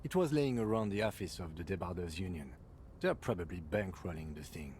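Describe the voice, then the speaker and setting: A dry, low-voiced police lieutenant. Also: male voice, expressive, brisk, a little mellow, a little hiss or hum.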